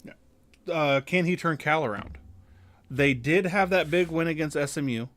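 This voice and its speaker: A man's voice: a little high, normal speed, a bit bright. A young man hosts a casual sports chat and runs through a list of coaching news. He talks loosely, with plenty of "uh" and "um" and a few curses. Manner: reads through coaching news, many fillers, swears. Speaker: podcast host.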